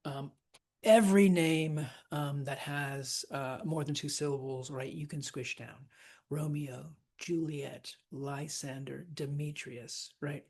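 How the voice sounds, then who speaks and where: Guy teaching verse, slow and husky, keeps saying right?. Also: on the high side, steady tone, darkish tone. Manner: casual, keeps asking "right?", reads lines aloud slowly. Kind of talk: lecture on verse scansion.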